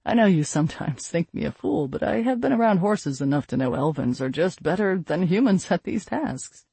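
A man's voice: sits high, very animated, moderate pace, vocal fry, mellow, breathy edge, no echo, heavily acted. A man reading an audiobook, voicing a foolish, pompous young elf man who swaggers and offers unwanted help. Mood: smug. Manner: pompous, smug.

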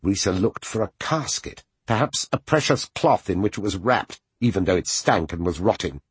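A man narrating a fantasy audiobook with expressive storytelling. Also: low voice, normal speed, breathy edge, no room sound.

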